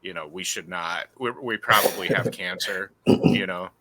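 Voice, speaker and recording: A man chatting casually on a podcast, making relaxed, joking asides. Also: sits low, moderate pace, a crowd in the background, low-quality recording. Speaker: podcast co-host. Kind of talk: casual chat.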